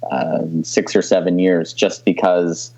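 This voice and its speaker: A relaxed man co-hosting a podcast, telling a story with a few repeated starts. His voice is low and dark and mellow. The recording sounds dull and lo-fi. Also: a little slow. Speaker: podcast co-host. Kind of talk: casual chat.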